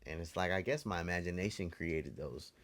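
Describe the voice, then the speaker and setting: A man's voice: sits low, fairly quick. A man co-hosting a podcast, telling candid stories from childhood in a loose, casual way. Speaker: podcast co-host. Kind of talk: casual chat.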